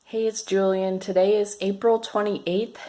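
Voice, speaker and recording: A man's voice: high-pitched, little pitch movement, measured pace, mellow. A man recording a casual video diary, speaking matter-of-factly. His voice is cracky. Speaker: vlogger.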